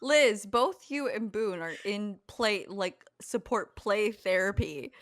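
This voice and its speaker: A woman in a relaxed podcast chat, teasing her friend and laughing a lot. Her voice swings up and down with lively pitch. The sound is dry and close. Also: takes it slowly, no echo. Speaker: podcast co-host. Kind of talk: casual chat.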